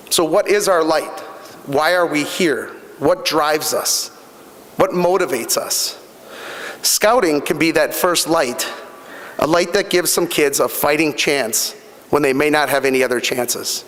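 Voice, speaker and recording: Speaking in a fairly high, fairly bright voice, a middle-aged man delivers a motivational address at a fundraising breakfast. He shares personal anecdotes earnestly, with plenty of fillers and repeated phrases, all under long hall reverb.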